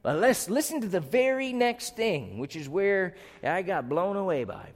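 Male preacher, very high pitch, emphatic and exclaiming, recorded with a long hall reverb. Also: expressive, moderate pace. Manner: emphatic, exclaiming, asks the audience questions. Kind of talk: sermon.

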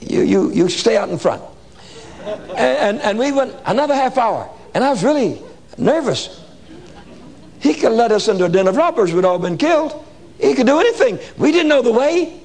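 A male preacher telling stories from the pulpit with an animated, colloquial delivery and words repeated for emphasis. His voice sits high for a man and swings widely in pitch. It has a gravelly, husky texture. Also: moderate pace. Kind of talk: sermon with storytelling.

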